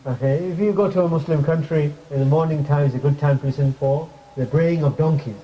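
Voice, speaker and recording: Man giving a conversational mosque talk. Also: a little high. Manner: conversational, asks the audience questions, light jokes; recites Arabic verses quickly. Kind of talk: informal sermon. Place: mosque hall. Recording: crackly muffled recording.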